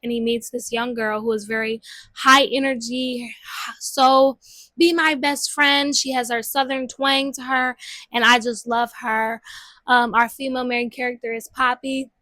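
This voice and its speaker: A young woman giving casual, chatty book recommendations at home, with lively slang. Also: a little high, no room sound. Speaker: book vlogger. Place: home room with a TV.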